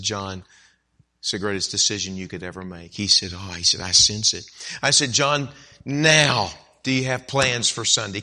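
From the pulpit, a male preacher shares a personal story in a bright, forceful, creaky voice, acting out both sides of the dialogue. His pitch climbs to emphatic highs before settling back into a plain narrating tone, the animated style of sermon storytelling.

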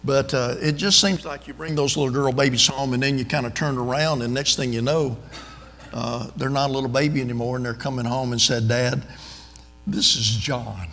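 A man's voice: medium pitch, fairly even intonation, fairly quick, a bit bright, in a large hall. A man, preaching a sermon in a folksy, storytelling way with asides to the congregation.

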